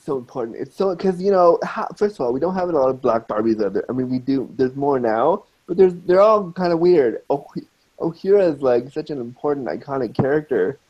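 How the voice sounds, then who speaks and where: Frank, emphatic man with a mellow voice. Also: medium pitch, animated, brisk, husky, lo-fi sound. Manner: frank and emphatic, repeats points for stress. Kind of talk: casual chat.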